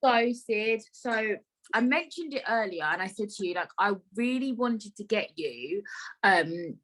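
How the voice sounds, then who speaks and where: Woman hosting a podcast, chatty and animated, swears a lot. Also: mid-range voice, unhurried, low-quality recording. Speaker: podcast host. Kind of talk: casual chat.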